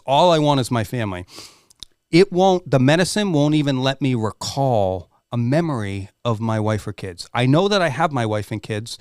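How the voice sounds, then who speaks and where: A man's voice: mid-range voice, a little mellow, clear, resonant tone, dry recording, clean studio sound. A middle-aged man speaking as a podcast guest, telling a candid personal story in an earnest, emotional way and swearing freely.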